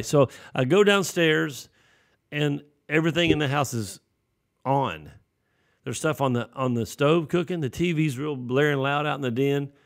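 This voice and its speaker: A man's voice: mid-range voice, vocal fry. A man preaching a sermon, telling folksy stories and acting out the voices in them. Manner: folksy storytelling with acted-out voices.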